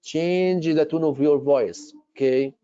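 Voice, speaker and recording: Man coaching for a medical exam, stop-start explaining, mellow dark voice, dry dull lo-fi sound. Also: fairly high pitch, dry recording. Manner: halting, many fillers and restarts while explaining. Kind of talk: online exam-prep lesson. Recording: dull lo-fi recording.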